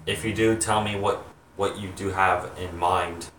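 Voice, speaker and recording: A young man chatting to his viewers, rambling and halting with many ums and restarts. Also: sits low, steady tone, a bit bright, roomy sound, recorded from a distance, slight background noise. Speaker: vlogger, home haunt maker. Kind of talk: rambling casual chat to viewers.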